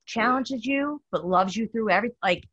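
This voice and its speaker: A woman hosting a casual chat, upbeat and quick to laugh. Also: a little high, a bit bright, husky, no echo, lo-fi sound. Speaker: host.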